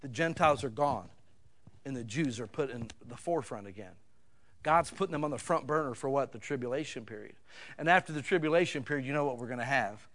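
A man preaching a sermon in a folksy, conversational way, swinging between loud emphatic bursts and quiet asides. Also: mid-range voice, lively intonation, fast. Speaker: pastor.

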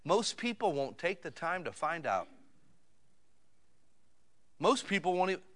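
A man preaching a sermon in a folksy, colloquial way, swinging from quiet asides to loud, urgent exhortation. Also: fairly high pitch, very animated, measured pace.

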